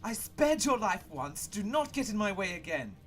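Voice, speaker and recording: A man's voice: fairly high pitch, sing-song, faint music behind. A man voicing a proud, haughty young female warrior princess in a put-on British accent, imperious and commanding. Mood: cold. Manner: imperious, commanding, quick to shout.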